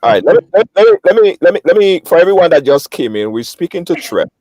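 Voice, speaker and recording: A man's voice: on the high side, sing-song, quick pace, a little mellow, no room sound, poor audio. A man hosting a live call-in show, recapping the caller's story for listeners and pressing her with questions. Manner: recaps and checks in with the caller, stammering restarts. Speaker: host.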